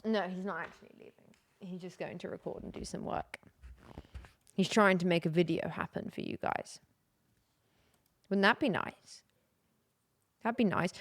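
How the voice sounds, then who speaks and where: A woman's voice: on the low side, a bit bright, no room sound, studio quality. A young woman chatting casually on a live stream, rambling and giggly.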